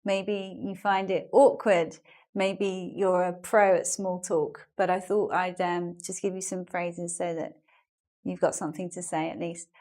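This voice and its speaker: A woman's voice: fairly low pitch, little pitch movement, a little slow, a little mellow. A woman with a British English accent from England, teaching an online English lesson in a chatty way and explaining phrases with examples and asides.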